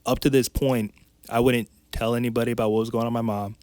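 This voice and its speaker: A man's voice: mid-range voice, level tone, fast talker, a little mellow, dry recording. Man, podcast guest, frank heartfelt storyteller, dry close sound. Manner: candid and emotional, tumbling phrases with restarts. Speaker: podcast guest, life coach. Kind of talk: personal storytelling in conversation.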